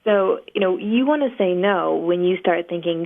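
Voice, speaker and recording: Low gravelly woman on a phone line. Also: normal speed, hardly any pauses. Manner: practical, steady, filler-heavy explaining. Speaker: negotiation trainer, guest. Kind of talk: explanatory interview talk. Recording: phone-line guest audio.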